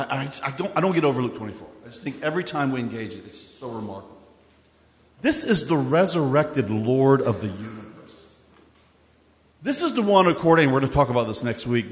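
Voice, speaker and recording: A man preaching a sermon in an animated, conversational way, with quick asides and repeated words as he works through scripture. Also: a little high, in a large hall. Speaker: pastor.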